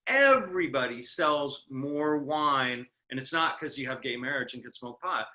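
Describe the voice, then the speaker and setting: Bright-voiced middle-aged man hosting. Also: medium pitch, animated, normal speed. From California. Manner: chatty, filler-heavy. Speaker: host. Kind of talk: casual conversation.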